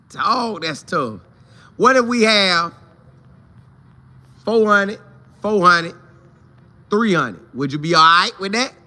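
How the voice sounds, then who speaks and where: Bright-voiced man hosting a casual fan stream. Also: sits high, sing-song, takes it slowly, long pauses. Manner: greets viewers by name, repeats phrases for emphasis. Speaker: host of a college football fan show. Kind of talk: casual live-stream chat reading viewer comments.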